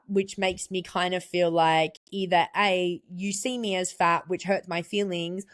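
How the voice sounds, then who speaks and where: A woman's voice: fairly low pitch, fairly even intonation, a little slow, hardly any pauses. A woman hosting her podcast, telling a personal story in a candid, confessional, rambling way, full of "like". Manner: confessional, rambling, heavy use of "like". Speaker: podcast host.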